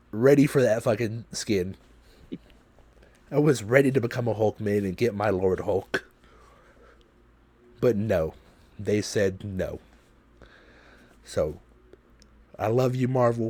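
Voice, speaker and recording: A man hosting a podcast, telling a story in a loose, profane, animated way. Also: fairly low pitch, no room sound. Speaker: podcast host.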